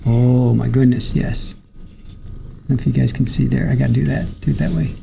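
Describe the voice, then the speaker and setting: A man's voice: medium pitch, fairly even intonation, fairly quick, vocal fry, mellow, a little hiss or hum. A man hosting a live stream, recapping court testimony in a chatty way, reading viewer comments aloud and talking to his dog at home. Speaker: livestream trial commentator.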